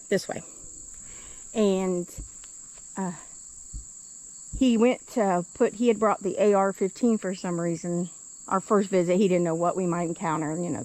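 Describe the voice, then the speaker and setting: A woman's voice: mid-range voice, darkish tone, rough recording. A woman vlogger telling a story outdoors in the woods by a truck, casual and hesitant, with lots of ums. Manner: hesitant, with many ums and uhs.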